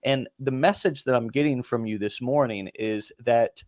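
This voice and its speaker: A man's voice: medium pitch, normal speed, darkish tone, no room sound, clean studio sound. A man hosting a conversational interview, rambling with many fillers and restarts and casual swearing. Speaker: podcast host.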